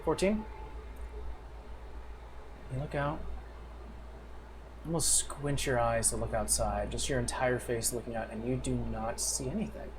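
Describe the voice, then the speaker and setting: A man narrates a tabletop game as its game master. His descriptions are loose and full of fillers and restarts. His voice sits in a middle pitch, with faint noise behind it. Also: unhurried, long pauses.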